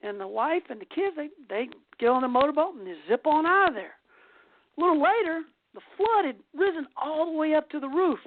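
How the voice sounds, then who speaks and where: A woman's voice: high-pitched, lively intonation, brisk. A woman host telling a long story in a chatty, casual way. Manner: chatty, with restarts. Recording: tinny phone-like dry line.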